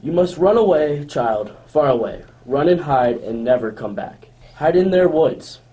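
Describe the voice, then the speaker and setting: A man's voice: on the high side, animated, unhurried, warm tone, recorded from a distance, low-quality recording. A man playing an anxious royal huntsman, torn between duty and guilt, in a radio drama. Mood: urgent, pleading. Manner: anxious and pleading.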